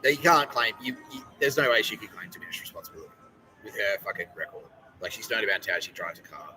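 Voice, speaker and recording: A man's voice: on the low side, quick pace, music in the background, poor audio. A man with an Australian accent hosting a podcast in a rambling, profane, heated monologue. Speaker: podcast host. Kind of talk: casual monologue.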